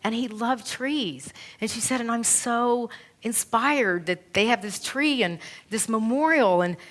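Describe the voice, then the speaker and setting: A woman's voice: fairly high pitch, a bit bright. A woman minister giving a sermon in a church, retelling a story with earnest, emotional storytelling.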